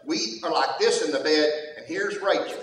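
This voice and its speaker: A man's voice: fairly high pitch, expressive, normal speed, very noisy. A man preaching a sermon in a folksy, humorous storytelling manner. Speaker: pastor. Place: church sanctuary. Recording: echoey church hall from far off.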